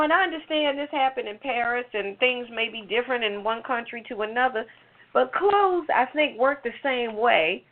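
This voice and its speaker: Indignant woman on a phone-like line. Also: fairly high pitch. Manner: indignant, sarcastic, rhetorical questions. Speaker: talk show commentator. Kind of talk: heated opinion commentary. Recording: phone-like narrow sound.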